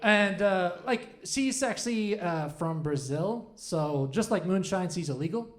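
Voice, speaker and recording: A stand-up comedian in his forties works the room from a club stage. He is a man who rambles and restarts, makes fun of himself, and his pitch swings up and down. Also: expressive, measured pace. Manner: rambling, self-deprecating, many restarts.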